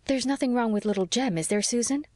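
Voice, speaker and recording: A woman's voice: medium pitch, normal speed, no echo, lightly acted. A woman reading an eager romantic young wife. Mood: alarmed. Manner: eager, exclamatory.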